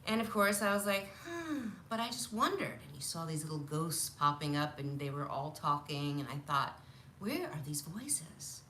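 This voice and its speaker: A woman in her fifties tells childhood stories on a live stream in a lively, animated way, often laughing and acting out the voices of people she remembers. Her voice sits fairly low yet sounds bright and forceful. The room around her is noticeably echoey. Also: a little fast, a little hiss or hum. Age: 50s. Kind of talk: casual storytelling on a live stream. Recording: roomy echo.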